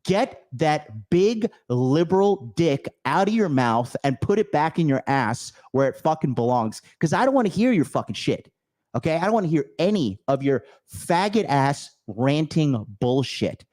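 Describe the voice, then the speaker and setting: A man's voice: fairly high pitch, big pitch swings, normal speed, a little mellow. A man hosting his own show, delivering a profane, aggressive rant straight to his audience, cursing and repeating himself for emphasis. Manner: aggressive, cursing, repetitive ranting; mocks opponents in sneering quoted voices. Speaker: podcast host. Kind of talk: profane angry rant to camera.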